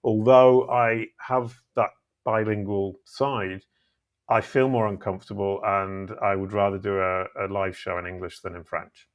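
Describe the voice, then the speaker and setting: A middle-aged man chatting as a guest, telling stories in a relaxed, self-deprecating way. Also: fairly low pitch, measured pace, lo-fi sound. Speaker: podcast guest. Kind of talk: casual conversation.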